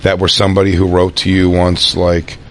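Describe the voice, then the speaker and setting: A man's voice: sits low, completely flat delivery, brisk. Rambling, reflective podcast co-host man. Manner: rambling, restarts often, reflective. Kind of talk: casual chat.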